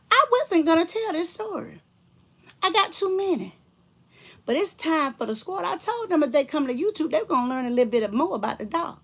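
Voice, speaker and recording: A woman with a slightly high, husky voice addresses her viewers in a heated live stream. She speaks in a colloquial, repetitive way, calling them y'all. Her delivery keeps swinging from loud, confrontational outbursts down to hushed whispers. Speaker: motivational speaker.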